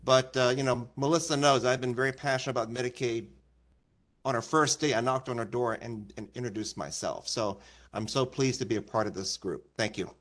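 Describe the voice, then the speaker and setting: A man's voice: mid-range voice, fairly quick, fairly bright tone. A man in his sixties, a health plan medical officer, introducing himself to a task force with passionate earnestness. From Washington, D.C. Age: 60s.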